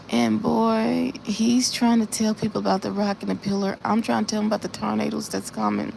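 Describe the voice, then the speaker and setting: A woman's voice: mid-range voice, little pitch movement, fairly quick, vocal fry, few pauses, a little mellow, a little hiss or hum. A woman on a casual live stream, earnestly retelling a dream in a repetitive way and speaking straight to her viewers. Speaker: livestreamer.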